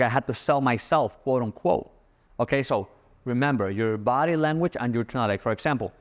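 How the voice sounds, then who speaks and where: Casual man coaching sales. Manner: casual, punchy, acts out sample pitches. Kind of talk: motivational sales talk.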